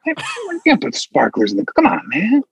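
A man's voice: sits high, wildly swooping pitch, fast, vocal fry, slightly rough, no echo, full character voice. A man doing an impression of an elderly male politician who rambles and repeats folksy catchphrases. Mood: exasperated.

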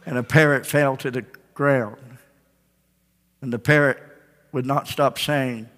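Forceful, folksy preacher in a church hall. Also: male voice, medium pitch, steady tone, slow, pauses often. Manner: folksy, emphatic preaching with jokes. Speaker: pastor. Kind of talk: sermon. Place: church sanctuary.

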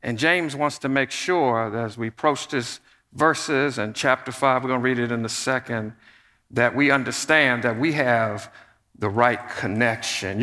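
A middle-aged man, the pastor, giving an earnest, conversational sermon to his church that drops to a soft hush in prayer. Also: mid-range voice. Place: church sanctuary. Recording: long reverb of a large church hall.

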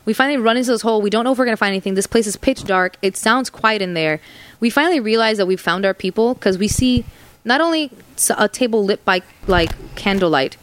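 A woman's voice: mid-range voice, lively intonation, quick pace, clean tone, no echo. A woman host casually telling a story on a podcast, laughing often and swearing freely.

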